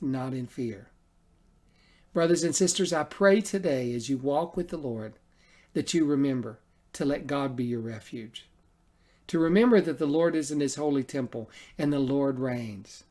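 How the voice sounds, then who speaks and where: A man preaching a sermon, emphatic, with loud rising peaks and soft low endings, slowing on key phrases.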